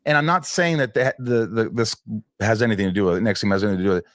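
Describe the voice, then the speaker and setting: A man's voice: on the low side, expressive, racing, dry recording, studio quality. Man rambling through a personal story. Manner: rambling, restarts often, acts out quotes. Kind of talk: telling a personal story in an interview.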